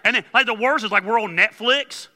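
A man preaching a sermon as pastor, animated and acting out quoted prayers. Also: high-pitched, fairly quick. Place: large church hall. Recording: long hall reverb.

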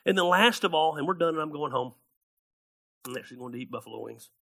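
Lively bright-voiced male pastor. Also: a little high, quick pace, creaky. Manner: animated, acts out voices in Bible stories. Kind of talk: sermon.

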